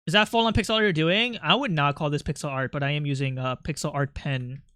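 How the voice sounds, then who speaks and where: Rambling, playful streamer with a bright voice. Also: mid-range voice, quick pace, clear, resonant tone, dry recording, clean studio sound. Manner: rambling, playful, many fillers. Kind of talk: casual livestream chat while drawing.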